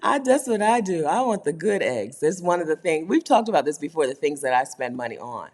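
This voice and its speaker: Low-voiced, lively woman host chatting. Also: a little fast. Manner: chatty, laughs often, talks straight to viewers. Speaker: host of a livestream for her community. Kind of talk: casual livestream chat, reading viewer comments.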